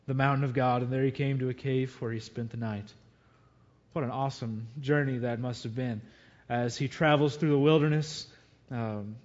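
A man's voice: medium pitch, a little mellow, highs cut off. A man preaching a sermon, reading scripture aloud and dwelling earnestly on it.

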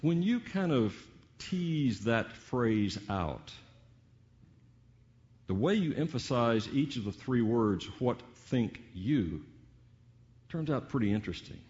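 A man delivering a sermon at a middling pitch, leaning hard on single words and letting pauses hang between his rhetorical questions. The sound is a little dull and muffled. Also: expressive, a little mellow. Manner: teacherly, varied emphasis with drawn-out pauses and rhetorical questions. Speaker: preacher.

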